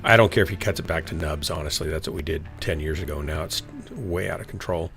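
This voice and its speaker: A man's voice: rumbling low, fast, vocal fry, fairly bright tone, faint music behind. A man streaming a game and telling a rambling story in casual chat, full of fillers and restarts. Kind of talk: casual chat while gaming.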